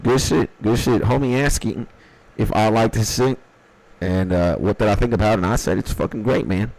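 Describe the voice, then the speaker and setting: A young man livestreaming from his dark bedroom, chatting casually and profanely in a rambling, jokey way as he reviews listeners' beats. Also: on the low side, moderate pace, creaky, rough recording. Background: faint music.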